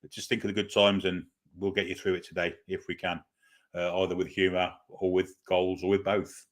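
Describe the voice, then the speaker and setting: Deep-voiced, with little pitch movement, he speaks a little fast. The man runs a football fans' watchalong stream, giving casual chat and pre-match commentary; he hesitates often, uses lots of fillers, and reads viewer comments out before answering.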